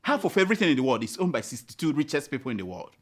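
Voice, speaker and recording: A man's voice: medium pitch, very animated, rapid-fire. A man hosting a satirical news show, mocking the headlines, chuckling often and stammering into punchlines. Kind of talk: comic news commentary.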